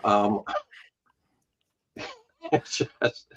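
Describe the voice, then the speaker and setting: A man's voice: very slow, a bit bright. A man with a Chicago accent, a guest on a live stream, telling stories in a rambling, self-deprecating way. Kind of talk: casual chat on a live stream. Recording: dull lo-fi stream audio.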